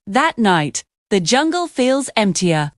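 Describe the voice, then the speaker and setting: A woman reading scripted narration for a children's cartoon story in an expressive storytelling manner. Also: mid-range voice, slow pace, no echo, clean studio sound.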